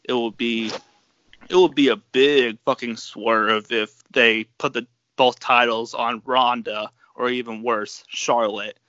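A man's voice: medium pitch, steady tone, slow pace, bright, forceful tone, dry recording, highs cut off. A man co-hosting a wrestling podcast in casual chat, profane and rambling. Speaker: podcast co-host.

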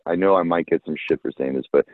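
Man, very deep voice, casual chat, joking, filler-heavy, tinny dry sound. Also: fast. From United States. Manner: relaxed, joking, trails off with fillers.

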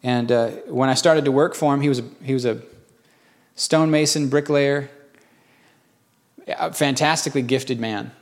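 A middle-aged man preaching a sermon as pastor, telling stories in a folksy way with animated bursts when quoting others. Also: mid-range voice, moderate pace, pauses often.

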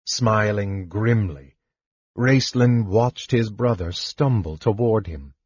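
Husky, slow male audiobook narrator. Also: fairly low pitch, no echo, muffled recording. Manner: measured, dramatic reading. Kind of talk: scripted fantasy narration.

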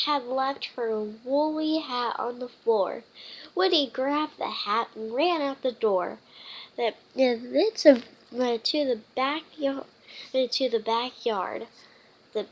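A woman with a fairly high voice reads a children's picture book aloud at an unhurried pace, stumbling and restarting often with fillers. A faint noise sits behind her. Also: poor audio. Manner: halting, with frequent fillers and restarts. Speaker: storytime reader.

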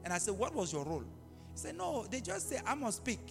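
A man's voice: very high voice, very animated, fast talker, creaky, in a large hall, music in the background. A male pastor preaching a live sermon, telling stories with acted-out voices and animal sounds.

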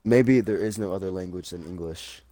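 A man's voice: deep voice, normal speed, dark tone, no room sound. A young man in a casual podcast chat, offhand and joking.

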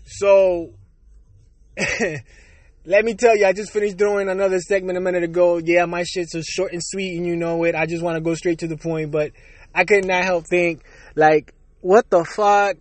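High-voiced profane ranting man. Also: flat delivery, moderate pace, no echo. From Puerto Rico. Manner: profane, ranting, laughs between lines. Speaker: podcast host. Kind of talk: casual solo rant.

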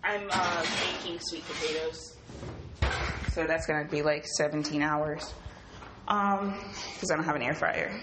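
A woman hosting a podcast from her home kitchen, telling a story in a profane, rambling, animated way. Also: sits low, unhurried, background noise. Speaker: podcast host. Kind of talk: casual storytelling monologue.

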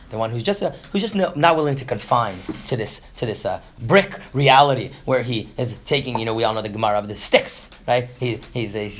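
A man in his thirties teaching a class on Jewish texts, who keeps checking in with "right?" and acts out short voices. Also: mid-range voice. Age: 30s. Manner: animated, often asks "right?", acts out quick voices. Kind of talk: lively lecture to a class.

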